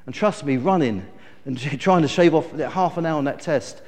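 A man's voice: fairly high pitch, moderate pace, a little mellow, long reverb tail. A middle-aged man preaching a sermon, telling stories with emphasis and small restarts. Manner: storytelling, emphatic, self-correcting.

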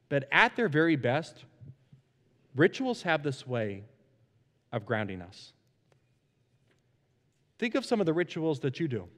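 A man in his thirties, a pastor preaching a sermon into a microphone, animated and playful as he acts out family stories. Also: medium pitch. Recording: long hall reverb.

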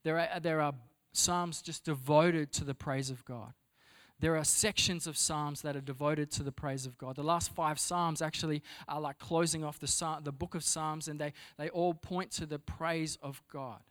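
A man preaches to his church in a voice pitched a little above the usual. He stumbles and repeats words between points, then climbs to loud, stressed readings. Sermon delivery. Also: fairly even intonation, moderate pace. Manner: repeats words while searching, builds to loud emphatic reading. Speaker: pastor. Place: church hall before a congregation.

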